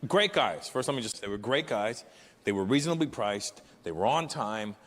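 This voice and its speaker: Brash fifties male comic from Canada, lively pitch, live hall echo. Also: normal speed. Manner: animated, brash storytelling that jumps into character voices. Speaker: stand-up comedian. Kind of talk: live stand-up routine. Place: large live venue. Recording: echoey hall with loud ambience.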